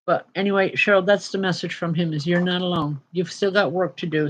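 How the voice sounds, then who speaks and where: With a deep voice and quick delivery, rarely pausing, this woman hosts a show as a spiritual medium, offering live spirit messages. Her manner is chatty and apologetic, peppered with ums, and emotion sometimes creeps in.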